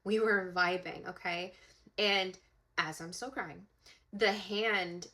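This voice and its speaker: Bright-voiced young woman telling a story. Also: fairly low pitch, steady tone, takes it slowly. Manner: emphatic, with frequent "like" and "okay?". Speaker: psychic medium. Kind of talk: casual storytelling to camera.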